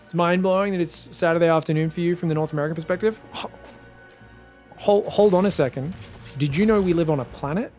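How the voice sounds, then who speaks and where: Excitable man casting games. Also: fairly high pitch, fast talker, faint music behind. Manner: chatty, joking, excitable asides. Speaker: esports caster. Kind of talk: solo game commentary.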